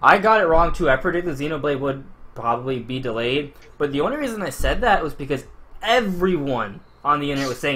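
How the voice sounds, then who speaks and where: A man's voice: a little high, expressive, a little fast, pushed and bright. Man musing on a casual podcast. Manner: rambling, many restarts. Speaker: podcast host.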